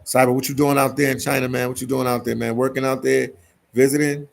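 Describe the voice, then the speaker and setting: A Philadelphia man hosts a casual live stream, reading viewer comments in a laid-back way and tacking "man" onto his sentences. His mid-range voice is fast and gravelly, with little pitch movement.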